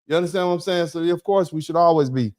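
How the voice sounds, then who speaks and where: With a somewhat high voice and a darkish tone, a male lawyer runs a live online show, reading chat comments and naming the viewers he thanks. His talk is emphatic and conversational, full of halting restarts and long fillers, and he often asks "you see what I'm saying."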